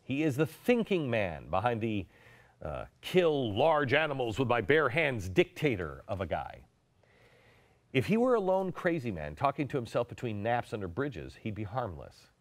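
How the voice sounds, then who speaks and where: Delivering a televised political monologue, this middle-aged male host sounds wildly animated, his pitch rising and falling sharply. Quiet, slow warnings give way to bursts of forceful emphasis, all captured in a close, dry recording with no surrounding space.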